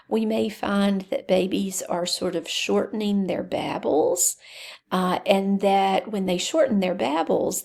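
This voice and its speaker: A woman explaining a lesson in a relaxed lecture style, pausing often with fillers. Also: mid-range voice, creaky. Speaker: teacher. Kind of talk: recorded lecture.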